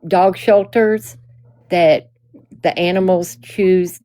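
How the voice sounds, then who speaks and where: A woman's voice: on the low side, fairly even intonation, takes it slowly, mellow, no echo. A married woman chatting casually, telling stories in an earnest, emotional way. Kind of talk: casual chat.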